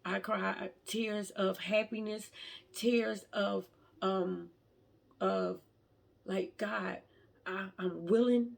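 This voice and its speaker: Husky, gravelly-voiced woman sharing her faith. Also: medium pitch, steady tone, very slow. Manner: emotional, heartfelt, stammering restarts. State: tearful at times. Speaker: vlogger. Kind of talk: personal faith vlog.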